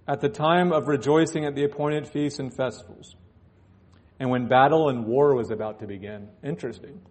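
A man's voice: medium pitch, normal speed. A male pastor preaching in church, reading scripture aloud and breaking off into joking asides. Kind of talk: sermon.

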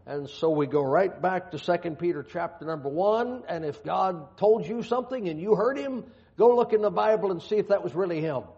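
A man's voice: high voice, fairly quick, hardly any pauses, mellow. A man preaching a sermon, reading scripture aloud and dropping folksy, joking asides. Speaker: pastor. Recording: dull lo-fi sound.

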